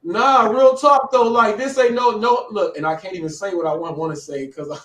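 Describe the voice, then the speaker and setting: A male host with a fairly high voice rambles through a casual interview, full of slang and restarts. He sits away from the mic, and the room rings around his voice. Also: fairly quick, background noise. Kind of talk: casual live-show interview. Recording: echoey, distant from the mic.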